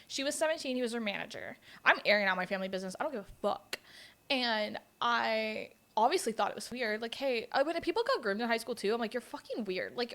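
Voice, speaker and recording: A young woman hosts a podcast, a little higher than most. She tells stories bluntly, swears freely and laughs through the telling, with quick asides. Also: a bit bright. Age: 20s. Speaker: podcast host. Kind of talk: casual storytelling chat.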